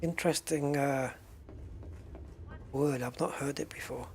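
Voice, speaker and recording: A man's voice: fairly high pitch, steady tone, a little slow, a little hiss or hum. A man chatting casually while streaming a space game, joking and exclaiming at prices. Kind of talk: casual gameplay commentary.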